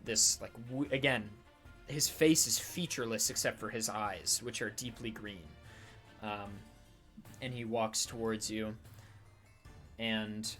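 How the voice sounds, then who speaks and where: A man's voice: lowish voice, steady tone, slow, a bit bright, soft background music. A man narrating a tabletop game as game master, in a casual, loose way with many fillers.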